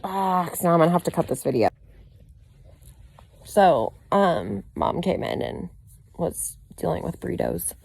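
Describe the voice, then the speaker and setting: A woman's voice: fairly low pitch, lively intonation, a little slow, gravelly, pauses often, a little mellow, breathy edge, no echo. A woman giving a candid, rambling personal video update, full of "you know" and "like" fillers and casual swearing. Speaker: vlogger.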